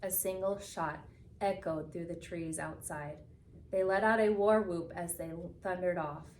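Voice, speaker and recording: A woman reading a picture book aloud with expressive storytelling, slowing down for the solemn moments. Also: on the low side, slight background noise. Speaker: reader. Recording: echoey room from a distance.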